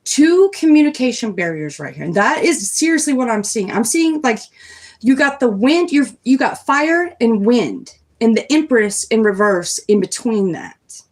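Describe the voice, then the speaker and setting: A young woman with a slightly high, very animated voice gives a casual, rambling tarot reading on a live stream at a moderate pace. She's chatty and talks straight to her viewers, reading the cards out loud to them.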